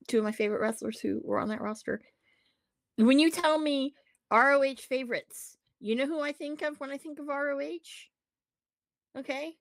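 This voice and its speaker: A woman co-hosting a podcast, ranting about wrestling in a profane, animated way. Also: sits high, no echo, clean studio sound. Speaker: podcast co-host. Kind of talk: casual wrestling chat.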